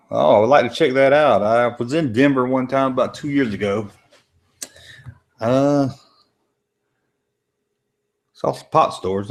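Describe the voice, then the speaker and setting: A man with a medium-pitched voice and noticeable vocal fry chats over a movie during a late-night stream from home. He reads the chat aloud, rambles at an easy pace, and slips in jokey asides.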